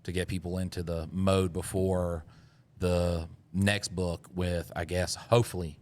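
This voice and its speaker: A man's voice: sits low, level tone, unhurried, a little mellow. A man hosting a podcast, rambling in casual chat and laughing often. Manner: laid-back, rambling with frequent laughs. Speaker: podcast host.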